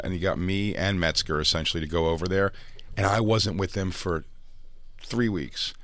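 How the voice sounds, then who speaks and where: A man co-hosting a casual comedy podcast, retelling stories with animated impressions and laughter. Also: low voice, moderate pace, dry recording. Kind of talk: casual chat.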